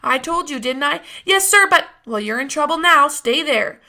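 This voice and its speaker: A woman's voice: high voice, animated, normal speed, sharp tone, pitched above the performer's own voice, heavily acted. A woman voicing a stern but kindly grown man who lectures a child in a storybook reading.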